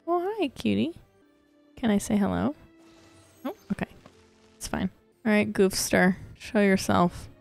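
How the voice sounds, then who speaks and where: A woman hosting a casual let's-play, chatting excitedly and squealing little cheers as she plays. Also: medium pitch, measured pace, vocal fry, pauses often, soft background music. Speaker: gaming channel host.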